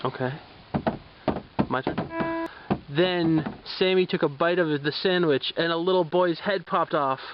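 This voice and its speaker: High-voiced man telling a playful story. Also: unhurried, long pauses, very noisy. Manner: easygoing, playful narration. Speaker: storyteller taking turns with a child. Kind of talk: improvised cooperative storytelling. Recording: dull lo-fi home recording.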